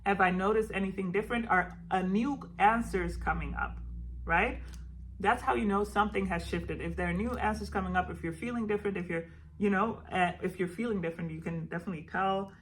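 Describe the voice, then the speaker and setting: A young woman hosting a self-help video, explaining a process in a relaxed, gentle way with frequent fillers and restarts. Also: medium pitch, brisk, a little hiss or hum. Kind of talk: casual instructional talk.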